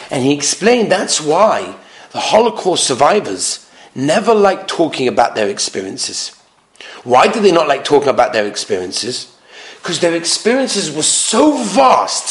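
A rabbi lectures in a high, very lively voice that swoops up and down as he tells stories and repeats his key points for emphasis. His voice rings around a roomy space. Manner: animated, emphatic repetition, acts out quotes. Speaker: rabbi giving a talk on marriage. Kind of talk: lecture with anecdotes. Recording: roomy echo.

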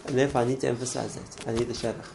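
A man's voice: mid-range voice, level tone, rapid-fire, gravelly, darkish tone, slight background noise, low-quality recording. A man teaching a religious class in an earnest way, often repeating words and restarting his phrases. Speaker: Torah teacher.

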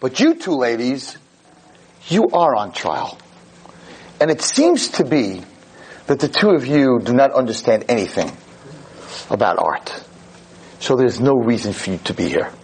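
A man voicing a proper French museum guide who speaks slowly and formally. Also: medium pitch, very animated, darkish tone, a little hiss or hum, poor audio. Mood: stern. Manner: slow, formal, drawn-out.

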